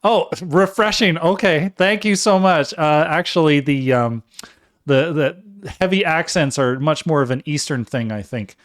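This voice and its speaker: A man hosting a live music stream, with a voice a bit higher than most men's. He talks in an upbeat, jokey way and laughs often. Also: measured pace, fairly bright tone. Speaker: livestream host. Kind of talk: casual live show hosting.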